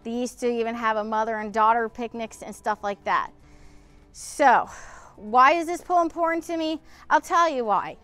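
High-voiced woman vlogging outdoors. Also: moderate pace, fairly bright tone, clear, resonant tone, faint music behind. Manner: rambling, emotional, gets heated and swears. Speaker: host of a local history vlog. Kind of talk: on-location vlog. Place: outdoors beside a public pool.

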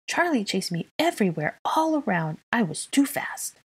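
A woman voicing an excitable little boy in a storybook reading, high and bouncy. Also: brisk, slightly rough, heavily acted. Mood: excited.

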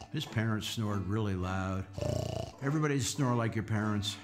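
A man telling a story to children, animated and coaxing them to act along and count with him. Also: on the low side, normal speed, music in the background. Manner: animated, coaxing kids to join in. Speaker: children's storyteller and folk musician.

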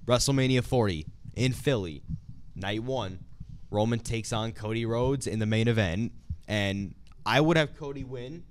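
A young man co-hosts a casual wrestling talk show, chatting with enthusiastic, opinionated energy and telling stories in an animated way. His voice is medium-pitched and a little slow, with slight background noise in the recording.

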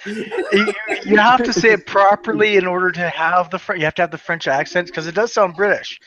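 A man's voice: high voice, brisk, bright, forceful tone, lo-fi sound. A man joking about accents in a casual group live stream over an online call. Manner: jokey, laughing.

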